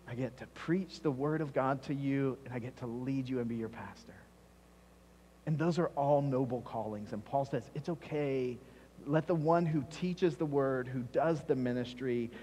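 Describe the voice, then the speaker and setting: This man preaches as a pastor, pressing hard and circling back to key phrases for emphasis. His mid-range voice is a little mellow, with slight background noise, all carried by the long reverb of a church hall sanctuary.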